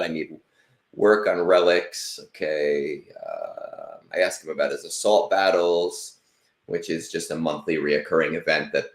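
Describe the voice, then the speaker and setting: A man in his late thirties, low-pitched, hosts a loose livestream chat. He rambles cheerfully with many fillers, and his voice bounces around a roomy, echoey space. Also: fairly bright tone. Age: 30s. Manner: rambling, chatty, self-deprecating, with frequent fillers. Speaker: stream host.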